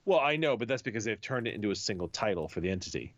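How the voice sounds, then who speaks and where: Lively low-voiced man, dry lo-fi sound. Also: racing, no echo. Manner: teasing, storytelling. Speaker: podcast co-host. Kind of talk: casual chat.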